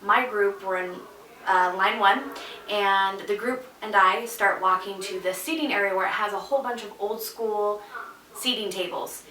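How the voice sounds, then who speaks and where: A woman's voice: medium pitch, fairly even intonation, normal speed, sharp tone, slight background noise. A woman vlogger casually telling a story, chatty, with many fillers and asides. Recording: echoey room, mic at a distance.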